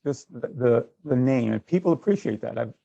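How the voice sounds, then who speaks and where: A man's voice: medium pitch, expressive, a little fast, gravelly, warm tone, no echo, muffled recording. A man giving a sales training workshop, conversational, acting out little exchanges as he goes. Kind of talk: workshop talk.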